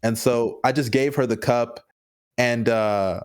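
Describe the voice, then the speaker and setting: A man's voice: mid-range voice, fairly even intonation, a little slow, smooth. A young man on a podcast, telling a casual story in a loose, rambling way with lots of fillers and chuckles. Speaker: podcast guest.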